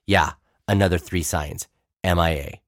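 A man's voice: sits low, measured pace, no room sound, clean studio sound. A man voicing a puzzled young male church volunteer who reports bad news in short, matter-of-fact answers.

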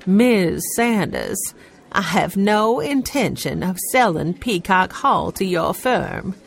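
A woman voicing a dignified elderly great-aunt who speaks in a slow, measured way in a storybook reading. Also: fairly low pitch, big pitch swings, husky, full character voice. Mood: firm.

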